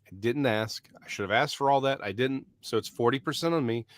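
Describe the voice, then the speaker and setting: A man's voice: mid-range voice, brisk, no echo. A man from Texas in casual banter with a friend, laid-back and joking. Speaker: podcast co-host. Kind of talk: casual chat.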